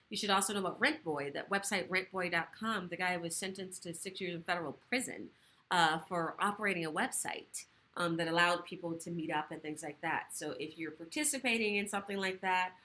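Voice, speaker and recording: A woman sexual health educator hosting a casual livestream chat from her living room, talking fast and animated, swearing casually. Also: lowish voice.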